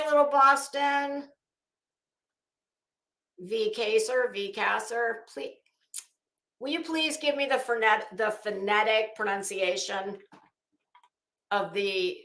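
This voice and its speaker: A woman's voice: mid-range voice, animated, measured pace, pushed and bright, reverberant. A woman hosting a casual live stream, chatting with viewers by name and swearing freely. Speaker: live stream host reading chat.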